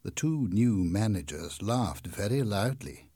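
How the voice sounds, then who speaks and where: Slow, husky male storyteller. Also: lowish voice, dry recording, studio quality. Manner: slow, deliberate, expressive. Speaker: narrator. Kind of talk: scripted narration of a graded reader.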